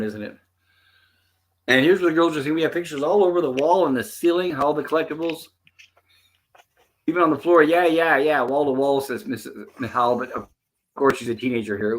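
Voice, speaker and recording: Male host of mid pitch, chatty commentary, acts out bits of dialogue. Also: fairly bright tone. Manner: retells scenes, quoting the characters' lines. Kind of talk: casual episode commentary.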